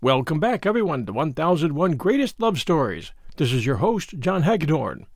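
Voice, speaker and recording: A man hosting and narrating a classic novel in an expressive storytelling manner. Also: fairly high pitch, normal speed, no room sound, studio quality, faint music behind. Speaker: host and reader. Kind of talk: scripted audiobook narration.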